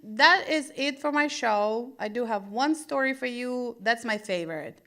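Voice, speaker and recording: A woman's voice: on the high side, expressive, measured pace, bright, forceful tone. A young woman from Russia with a Russian accent, telling a stand-up story to a live crowd and laughing along as she goes. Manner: chatty, laughs at her own story. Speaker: stand-up comedian. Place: small gallery venue, live audience.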